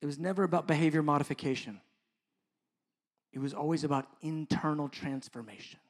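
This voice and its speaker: A high-pitched man preaching to his congregation. He moves from impassioned exhortation to soft, intimate asides. He sounds middle-aged and speaks with a pastor's conviction. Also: a little fast. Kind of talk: sermon.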